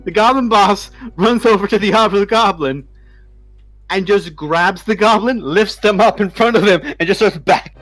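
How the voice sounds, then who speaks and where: A man's voice: high voice, dry recording, faint music behind. A man running a tabletop game as game master, narrating the action with lots of laughter. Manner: animated, laughing often, puts on quick creature voices.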